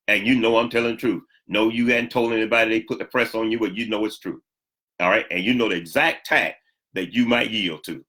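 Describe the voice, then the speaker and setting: A male pastor preaching a sermon, emphatic, repeating key lines and swinging sharply up and down in pitch for emphasis. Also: fairly bright tone.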